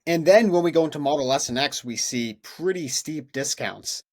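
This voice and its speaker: A man co-hosting a casual interview, calmly walking through listings and asking his guest questions. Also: fairly high pitch, normal speed. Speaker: co-host.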